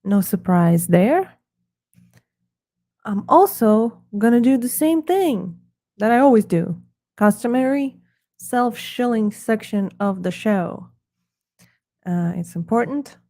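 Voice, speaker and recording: A woman's voice: mid-range voice, lively intonation, takes it slowly, pauses often, dark tone. An American woman hosting her own art livestream, joking and poking fun at herself in a casual chat. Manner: joking and self-mocking.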